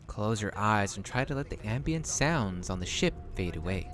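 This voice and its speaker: A man's voice: fairly low pitch, animated, normal speed, fairly bright tone. A young man casually commenting while playing a game, joking and reading choices aloud. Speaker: let's play host.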